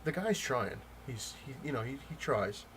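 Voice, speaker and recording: A man vlogging about comics, telling a story in a loose, rambling way with many pauses and restarts. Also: mid-range voice, lively intonation, fairly bright tone, slight background noise. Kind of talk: casual storytelling rant.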